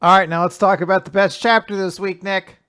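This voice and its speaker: A man's voice: high-pitched, little pitch movement, bright, forceful tone, clean tone. A man co-hosting a podcast in casual chat, joking and teasing his partner. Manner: joking, quick to tease. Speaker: podcast co-host.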